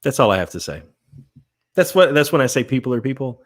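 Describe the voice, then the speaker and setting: A man's voice: medium pitch, sing-song, a little fast. A man co-hosting a podcast in casual chat, teasing his partner and giving earnest little speeches. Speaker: podcast co-host.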